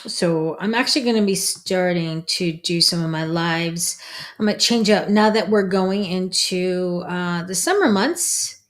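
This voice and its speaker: A woman's voice: on the low side, measured pace. A woman, a psychic medium, hosting a casual livestream in a chatty, rambling way and greeting viewers by name.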